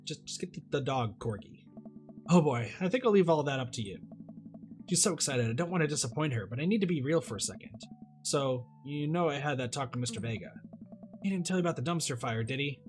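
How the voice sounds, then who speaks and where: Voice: medium pitch, animated, fairly quick, darkish tone, faint music behind. A streamer playing a dating game, reading the dad's lines aloud with playful joking asides. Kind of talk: let's play with read-aloud dialogue and jokes.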